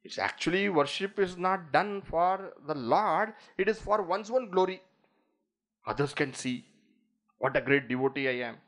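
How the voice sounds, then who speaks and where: Indian english guy giving a spiritual talk, voice jumps all over, bit high, tells stories and acts them out. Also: moderate pace. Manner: animated storytelling, acts out quoted voices. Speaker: swami giving a scripture discourse. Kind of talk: spiritual discourse.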